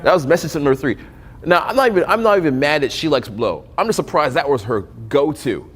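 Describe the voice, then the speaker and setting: A man's voice: on the high side, animated, fairly quick, fairly bright tone, long reverb tail. A young man coaching on dating in a casual, profane storytelling style, acting out both sides of conversations.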